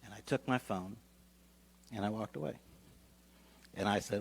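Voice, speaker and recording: A man preaching a sermon as a lively personal story. His talk is loose and conversational, full of restarts. His pitch sits in a middle range for a man. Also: brisk, pauses often. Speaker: pastor. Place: church sanctuary.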